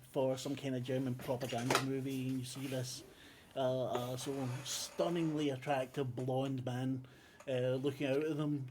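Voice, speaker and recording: A man's voice: a little high, a little hiss or hum. A man narrating a tabletop game as game master, rambling with many ums and self-corrections.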